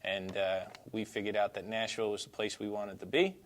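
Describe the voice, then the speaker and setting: A teacher from Brooklyn, New York, a man with a New York accent, answering interview questions in a relaxed, rambling way. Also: fairly low pitch, a little fast, a little hiss or hum. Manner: relaxed, rambling, laughs easily.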